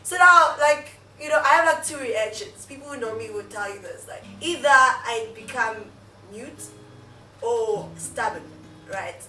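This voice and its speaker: A woman's voice: fairly high pitch, lively intonation, a little slow, sharp tone, far from the mic, a little hiss or hum. A young South African woman with a South African accent, telling a story in casual chat, full of fillers and laughs. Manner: chatty, frequent fillers and laughs. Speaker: YouTuber. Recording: echoey room, off-mic, faint music.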